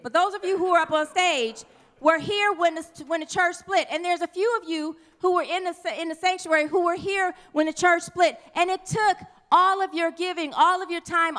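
A woman's voice: extremely high pitch, pushed and bright. A woman minister speaking to her congregation in a church sanctuary, effusive and chatty, thanking people and leading a group prayer.

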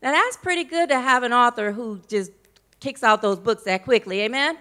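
A woman's voice: fairly high pitch, normal speed, a bit bright, clear, resonant tone. A woman minister with an American accent introducing a guest speaker in church, emotional and informal with playful asides.

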